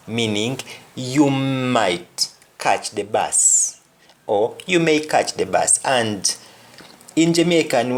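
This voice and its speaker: A man giving a spoken language lesson, explaining phrases carefully and repeating words for emphasis. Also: lowish voice. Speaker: language teacher.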